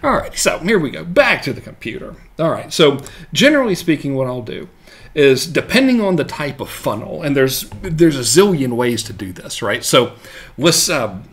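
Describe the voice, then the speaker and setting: Casual male marketing coach, average pitch, loose and jokey, chatty check-ins with the viewer. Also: very animated, moderate pace, fairly bright tone. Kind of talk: casual live-streamed teaching.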